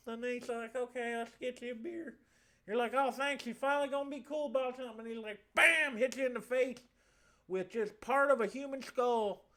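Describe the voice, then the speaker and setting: A man's voice: very high-pitched, voice pushed up. A man voicing an effeminate southern man's ghost with a lisp and a Southern US accent, rambling crudely through a story.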